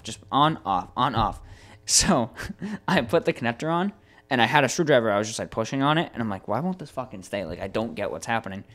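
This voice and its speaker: A young adult man recounting a tech disaster on a casual podcast. He talks in an animated, exasperated way and swears freely as the story builds. His voice sits at an ordinary middle pitch. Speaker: podcast co-host.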